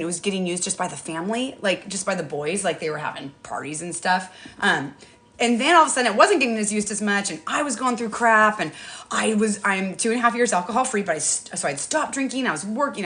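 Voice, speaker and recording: Woman in her 30s rambling on her morning live, bit high-pitched, laughs a lot, talks into her phone at home. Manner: chatty, rambling, animated, laughs often. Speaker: TikTok live streamer. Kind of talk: casual chat on a morning livestream. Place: apartment above a garage.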